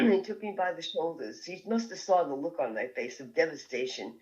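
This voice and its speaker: A woman telling a story as a podcast guest, lively and laughing often as she goes. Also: low voice, moderate pace, lo-fi sound.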